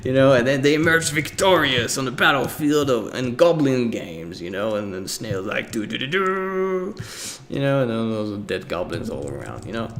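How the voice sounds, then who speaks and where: A young man talks through an art lecture in a loose, rambling way, full of fillers. His voice sits at an ordinary middle pitch. Now and then he slips into acted voices and mouth sound effects. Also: expressive, moderate pace, few pauses, fairly bright tone. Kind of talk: casual recorded lecture.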